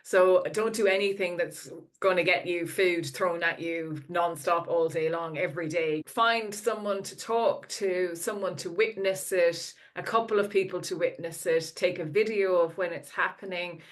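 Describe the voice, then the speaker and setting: Calm woman giving direct, practical advice. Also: lowish voice, moderate pace, hardly any pauses. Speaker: podcast host. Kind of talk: casual advice conversation.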